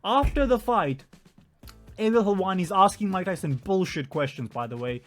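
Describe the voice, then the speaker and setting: Angry, high-voiced young man ranting. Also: expressive, normal speed, soft background music. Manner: heated, profane, loudness swinging from muttered to shouted. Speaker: vlogger. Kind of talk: casual rant to camera.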